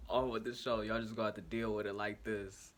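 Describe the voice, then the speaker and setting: Recorded in one take on a home mic, a sports podcast host from Ohio talks fairly quickly in a fairly low voice that barely moves in pitch. His Ohio accent carries casual, slangy fan commentary, and he keeps self-correcting and saying sorry about technical problems.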